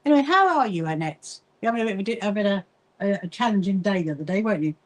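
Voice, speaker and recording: A woman's voice: mid-range voice, lively intonation, rapid-fire, poor audio. Chatty woman livestreaming while sewing. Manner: chatty, easily distracted, greets viewers by name. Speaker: livestream host, quilting association founder.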